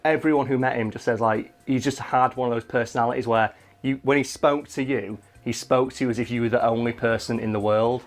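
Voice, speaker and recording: A man's voice: medium pitch, steady tone, fairly quick, soft background music. A man telling stories in casual chat, rambling along with many fillers.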